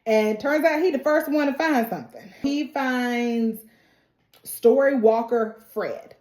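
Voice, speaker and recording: A woman talks through a TV episode in a relaxed, chatty recap. Her voice sits slightly high, and she keeps it lively with sassy side comments and frequent laughs. The room around her gives off a noticeable echo. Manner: animated, sassy asides, laughs often. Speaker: TV recap host. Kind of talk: casual recap and reaction.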